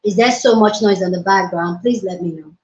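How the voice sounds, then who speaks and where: A woman hosting a casual livestream from her mobile phone, hyper, excitable and loud as she greets her viewers. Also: medium pitch, fairly quick. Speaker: livestream host. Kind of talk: casual live-stream chat. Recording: roomy, dull lo-fi phone audio.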